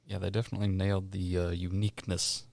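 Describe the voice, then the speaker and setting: A man's voice: low voice, level tone, quick pace, creaky, a little mellow, dry recording. A man co-hosting a casual podcast who answers with short reactions, laughs and mild swearing. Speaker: podcast co-host.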